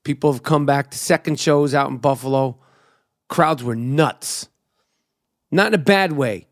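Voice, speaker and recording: A middle-aged comedian from New York City, with a New York accent, hosts his own podcast in a brash, profane, riffing monologue. His voice is medium-pitched and a little slow, captured as a dry recording with clean studio sound.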